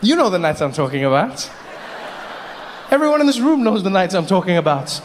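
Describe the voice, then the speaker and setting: A man doing stand-up comedy, animated and quick to jump into voices, on a stage mic in a large hall. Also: sits high, a little hiss or hum.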